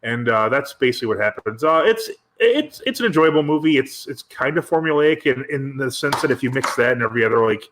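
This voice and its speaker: Brief: male co-host, middle pitch, loose rambling recaps, dry jokes. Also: expressive, fairly quick, few pauses, a bit bright, a little hiss or hum. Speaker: podcast co-host. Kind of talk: casual movie-review chat.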